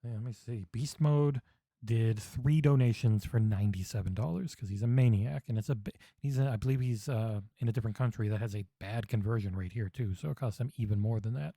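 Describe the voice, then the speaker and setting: A man streaming a game for charity on a headset mic, chatting excitedly with viewers and swearing freely. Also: fairly low pitch, fairly quick, dry recording. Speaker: charity livestream gamer. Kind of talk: casual game-stream commentary. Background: game music.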